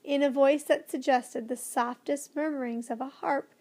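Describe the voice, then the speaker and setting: A woman's voice: sits high, fairly even intonation, moderate pace, darkish tone. Woman reading a storybook aloud. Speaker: audiobook narrator. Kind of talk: scripted storybook narration.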